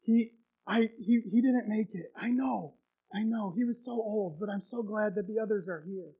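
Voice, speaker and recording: Man doing a grieving twelve-year-old boy, soft, halting, resigned, high voice. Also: vocal fry, dull audio. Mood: quietly grieving.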